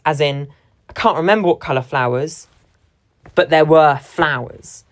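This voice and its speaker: A woman's voice: low voice, animated, a little slow. A young woman, a drama performer, giving a reflective talk about how a stage scene is split between actors. She is analytical and stresses key words when she quotes lines.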